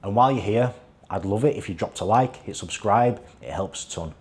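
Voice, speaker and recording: A man's voice: on the low side, lively intonation, brisk. A man speaking as a fitness and life coach in a motivational vlog, earnest and repetitive in his urging. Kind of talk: motivational talking-to-camera vlog.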